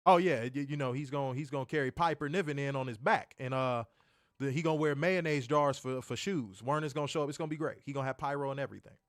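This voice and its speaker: A man co-hosting a casual livestream, loud and joking. He swears freely, laughs often and swings from shouts down to mutters. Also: medium pitch, fast talker, no echo, clean studio sound. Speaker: livestream co-host.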